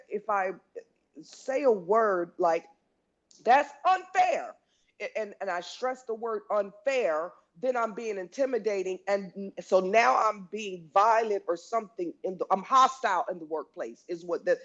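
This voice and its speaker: A woman telling workplace stories in a casual, animated way, often restarting sentences and acting out what people said. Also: mid-range voice, moderate pace. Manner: animated, with many restarts and acted-out quotes. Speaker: guest speaker. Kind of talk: casual storytelling. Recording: lo-fi online audio room.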